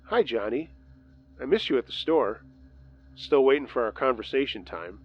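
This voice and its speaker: Man voicing a pushy flirtatious woman, low sultry teasing tone, lively pitch. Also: moderate pace, highs cut off, natural voice. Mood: taunting.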